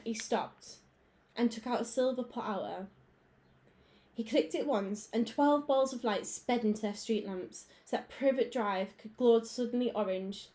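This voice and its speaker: A primary school teacher, a woman, reading a children's book aloud with clear, expressive storytelling. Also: fairly high pitch.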